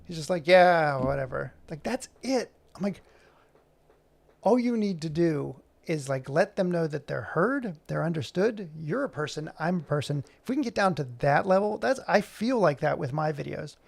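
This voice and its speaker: Gravelly-voiced man in casual chat. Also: a little high, animated, moderate pace. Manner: rambling, chatty, many fillers. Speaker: animator and vlogger. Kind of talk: casual chat while working.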